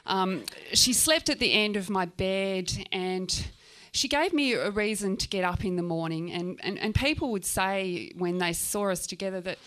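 A woman from Tasmania with an Australian accent, telling a personal story to an audience in a frank, animated way, swearing freely and acting out scenes. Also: medium pitch, normal speed, hardly any pauses.

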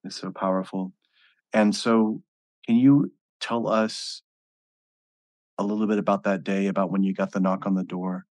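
Male host, very low and even voice, reflective, dry close mic. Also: no echo. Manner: slow, reflective, steady. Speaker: podcast host. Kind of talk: interview conversation.

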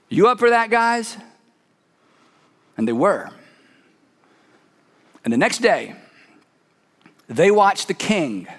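A man's voice: high voice, fairly bright tone. A man pastor preaching a sermon in a conversational, storytelling way, with emphatic asides. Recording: long hall reverb.

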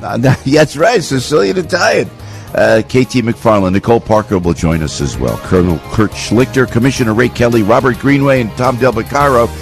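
A man with a New Jersey accent hosting a radio talk show, bantering and joking with quick asides and frequent laughs. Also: mid-range voice, expressive, soft background music. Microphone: studio microphone.

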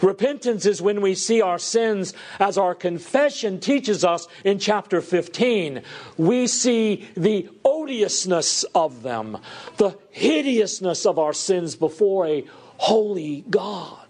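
High-voiced man preaching slowly. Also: expressive, darkish tone. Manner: earnest, emphatic preaching with slow deliberate phrasing. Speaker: pastor. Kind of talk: sermon.

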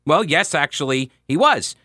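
A male radio talk host speaks in an emphatic, conversational manner, walking listeners through events with obvious relish. His voice is bright and forceful, set a little high, and it sounds dry and close to the mic. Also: very animated, normal speed, no echo.

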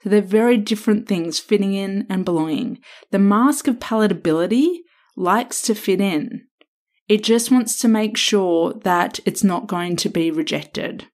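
A woman hosting a self-help podcast, talking straight to the listener in an emphatic, coaching way with drawn-out stresses. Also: mid-range voice, darkish tone. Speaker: podcast host and counsellor.

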